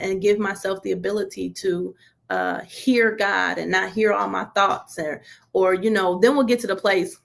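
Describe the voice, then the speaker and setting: In a church teaching session, a woman with a gravelly mid-range voice preaches conversationally. She keeps it informal, with colloquial phrasing and relaxed grammar, and asks listeners one rhetorical question after another.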